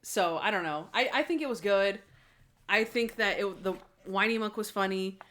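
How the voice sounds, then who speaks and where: A woman's voice: medium pitch, normal speed, fairly bright tone. A woman co-hosting a podcast in casual chat. She retells scenes animatedly, acts out quoted lines and leans on "like" as a filler. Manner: frequent "like" fillers. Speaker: podcast co-host.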